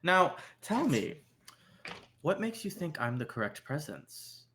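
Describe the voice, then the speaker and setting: A man's voice: on the high side, big pitch swings, takes it slowly, a bit bright, a little hiss or hum, voice pushed up, exaggerated voice. A man, as game master, voicing a bold woman who owns a nightclub, with a knowing, teasing drawl. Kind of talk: voicing a character in a tabletop game.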